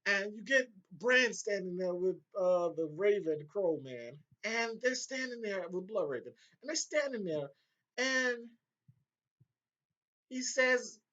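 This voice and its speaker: A man recapping a TV episode in a casual, excitable way, swearing often and breaking into laughter. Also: high voice, a little slow. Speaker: video reviewer. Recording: dull lo-fi home audio.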